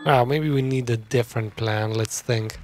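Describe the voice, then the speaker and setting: A man casually commentating a stealth game as he plays, thinking his plans out loud. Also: medium pitch, moderate pace, loud music behind the voice. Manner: thinking aloud, muttering plans to himself. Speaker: gameplay commentator. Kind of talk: casual let's-play commentary.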